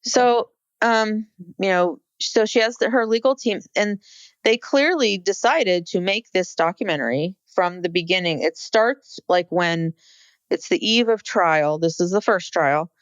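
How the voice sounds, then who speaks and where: A woman's voice: medium pitch, unhurried, smooth, no echo, dull audio. A woman co-hosting a podcast, talking casually about a court case, with many fillers and restarts. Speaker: podcast co-host.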